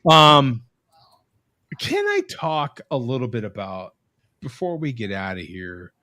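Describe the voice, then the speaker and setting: Animated, lively male web show host. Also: medium pitch, slow, no room sound. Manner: animated, explains things to viewers. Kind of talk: casual chat on a live web show.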